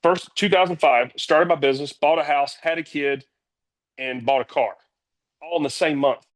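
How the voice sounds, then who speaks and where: A man, a company CEO, telling stories as a guest in a casual interview, energetic and blunt, swearing freely. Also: on the high side, normal speed.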